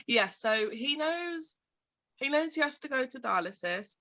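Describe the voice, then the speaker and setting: High, expressive and sharp in tone, this young Birmingham-accented woman from England talks without hurry in a dry recording. A parent being interviewed, she's chatty and laughs a lot, voicing other people's words as she quotes them.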